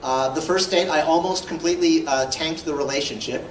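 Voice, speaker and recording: A man's voice: a little high, a little fast. A man answering fan questions as a guest at a live convention panel, telling jokey stories. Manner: playful, joking storyteller. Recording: echoey hall, far from mic, noisy.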